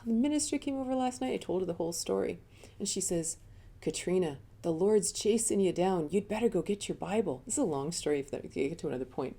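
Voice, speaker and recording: A middle-aged woman gives a live talk as a spiritual teacher, sharing personal stories in a candid, chatty way and laughing often. Her mid-range voice is gravelly and dark.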